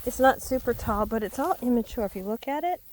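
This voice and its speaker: A woman's voice: on the high side, expressive, fast talker, slight background noise. A woman vlogging casually as she walks a wet hay field, thinking aloud and calling to her dogs. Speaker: homesteading vlogger. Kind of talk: casual walking vlog. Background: dogs and rural outdoor sounds.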